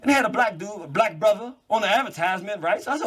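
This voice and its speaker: A man giving an animated monologue, quick in bursts and laughing as he talks. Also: sits high, breathy edge.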